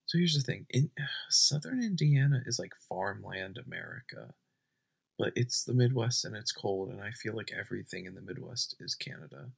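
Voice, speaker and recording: A young man doing a deadpan comedy bit at home at night, rambling and often dropping to a whisper. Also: lowish voice, moderate pace, gravelly, breathy edge.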